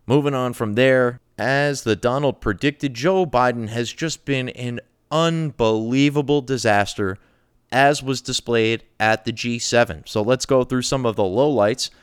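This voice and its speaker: Sarcastic man ranting with a crisp voice. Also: medium pitch, measured pace, no echo, clean studio sound. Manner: profane, mocking, sarcastic. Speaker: political commentary host. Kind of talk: sarcastic political rant.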